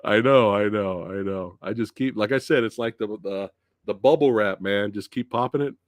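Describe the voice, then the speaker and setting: A man's voice: fairly low pitch, normal speed, dry recording. A man hosting a live movie review stream, chatting loosely and laughing often as he talks. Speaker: movie review channel host.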